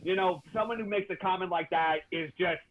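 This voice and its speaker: A man's voice: sits high, a little fast. A man appearing as a podcast guest, talking about wrestling in an earnest, emphatic way. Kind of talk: casual wrestling chat. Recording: tinny phone-like line.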